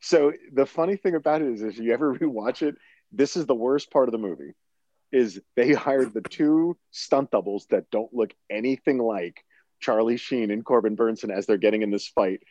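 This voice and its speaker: A man in casual chat, telling stories in an animated way, laughing often and swearing freely. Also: mid-range voice, normal speed, no echo. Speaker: podcast co-host discussing a film. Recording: dry, slightly dull recording.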